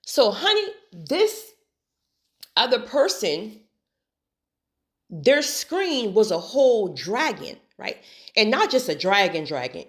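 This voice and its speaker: Animated woman preaching casually to viewers. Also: mid-range voice. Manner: animated, preachy, laughs often, says "honey" and "right?". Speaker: spiritual talk host. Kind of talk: casual faith-based monologue.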